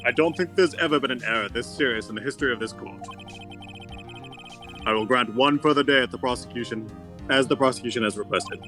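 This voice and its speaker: A man's voice: medium pitch, fast, over music, lightly acted. A man voicing a stern, fussy old male judge in a live fan dub of a game. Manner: stern, pompous.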